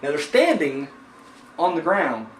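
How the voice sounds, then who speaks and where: A man's voice: a little high, sing-song, unhurried. A man hosting a horror movie review show, chatting casually and rambling with lots of fillers and swearing. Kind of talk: casual chat. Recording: echoey room from a distance with faint noise.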